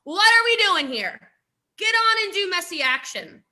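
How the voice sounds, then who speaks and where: Bright high-voiced woman coaching emphatically. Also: sing-song, moderate pace. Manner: emphatic, repeats lines for punch, rhetorical questions. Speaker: network marketing coach. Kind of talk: live-stream motivational talk.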